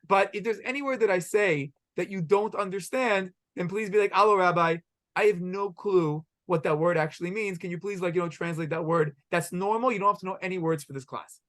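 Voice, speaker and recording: High, fast-talking rabbi quizzing a class. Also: male voice. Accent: Israeli Hebrew pronunciation of Hebrew words. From Israel. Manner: energetic, quizzes the room, mixes in Hebrew words. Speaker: rabbi teaching a halacha class. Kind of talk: classroom lecture with questions to students.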